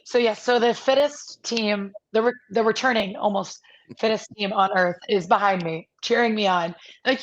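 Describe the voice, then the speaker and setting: A woman chatting as a podcast co-host, telling a lively story and putting on the voices of the people in it. Her pitch is middling, and the recording sounds a little dull and muffled. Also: normal speed. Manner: animated storyteller, acting out other people's lines. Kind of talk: casual chat.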